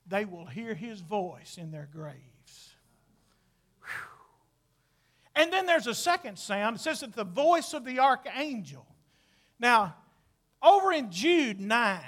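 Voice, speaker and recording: A male preacher delivering a sermon, emphatic and playful, dropping to soft asides and then breaking into shouted bursts. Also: very high-pitched. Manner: playful, jokes with the congregation.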